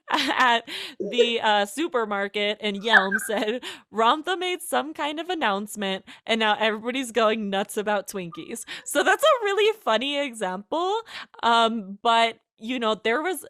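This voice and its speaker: A woman's voice: mid-range voice, a bit bright, clear, resonant tone, no room sound, clean studio sound. A woman co-hosting a casual podcast chat, talking freely with fillers and frequent laughter. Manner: chatty, laughs often, many fillers. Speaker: podcast co-host.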